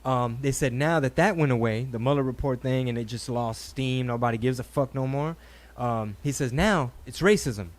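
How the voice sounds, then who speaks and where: Animated swearing man podcaster. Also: medium pitch, normal speed, hardly any pauses. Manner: animated storyteller, acts out quotes, swears freely. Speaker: podcast host. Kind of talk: casual chat.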